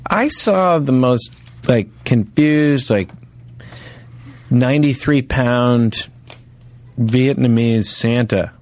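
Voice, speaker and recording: A young adult man co-hosting a comedy podcast, posing absurd questions with deadpan setups and chuckles. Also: mid-range voice, slow, long pauses. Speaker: podcast co-host and stand-up comedian. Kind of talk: casual comedic chat.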